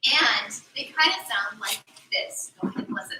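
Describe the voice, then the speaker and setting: A young woman performing as a mermaid, teaching children in an animated, sing-song way at a live aquarium show. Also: fairly high pitch, moderate pace, background noise. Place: aquarium tank area with audience. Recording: echoey room from far off, faint ambience.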